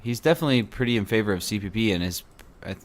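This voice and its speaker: Guy hosting a podcast, kinda low voice, jokey, rambles and restarts. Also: expressive, very fast. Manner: joking, rambling, frequent restarts. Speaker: podcast host. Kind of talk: casual podcast chat.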